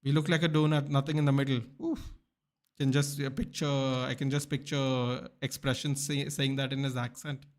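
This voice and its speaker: A man's voice: mid-range voice, little pitch movement, moderate pace. A young man chatting casually on a live football watchalong, bantering and answering viewers by name. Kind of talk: casual live-stream chat reading viewer comments.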